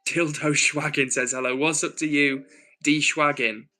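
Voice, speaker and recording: A man's voice: fairly high pitch, steady tone, unhurried, sharp tone, soft background music, rough recording. A man from the north of England, hosting a casual livestream and reading out viewer messages. He talks earnestly, thinking aloud with frequent ums and restarts. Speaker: livestream host.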